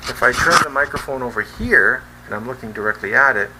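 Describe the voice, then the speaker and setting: In a simple product test vlog, a man checks a wireless handheld microphone indoors and asks viewers directly whether they can hear him and the fan. His voice is medium-pitched, pushed and bright, and a little fast. A faint fan hum runs through the rough recording.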